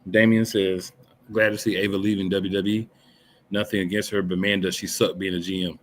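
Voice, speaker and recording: A man's voice: deep voice, little pitch movement, a little fast. A man co-hosting a casual wrestling podcast, blunt and dry with a sarcastic edge. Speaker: podcast co-host.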